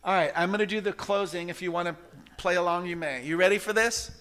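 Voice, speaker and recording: Male church service leader, bright, a little high, animated and chatty with shouting bursts. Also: fast, smooth. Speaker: practitioner leading a service. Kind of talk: sermon. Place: church sanctuary.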